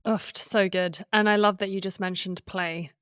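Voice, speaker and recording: A woman's voice: mid-range voice, fairly even intonation, normal speed, a bit bright, dry recording, studio quality. A woman hosting a podcast interview, enthusiastic and reflective as she talks with her guest. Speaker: podcast host.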